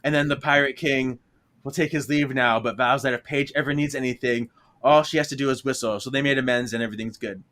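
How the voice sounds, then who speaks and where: A man co-hosts a podcast, casually recapping a book while laughing often and animatedly acting out characters' lines. His voice is mid-range and he talks fast.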